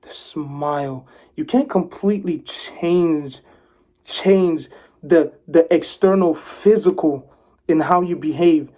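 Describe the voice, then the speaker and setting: Man swinging between loud and hushed. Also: fairly high pitch, takes it slowly, lo-fi sound. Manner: swings from loud and animated to soft, hushed calm; moves toward and away from the camera while talking. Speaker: vlogger giving advice. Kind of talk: motivational talk to camera. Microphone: camera mic, speaker moving closer and farther.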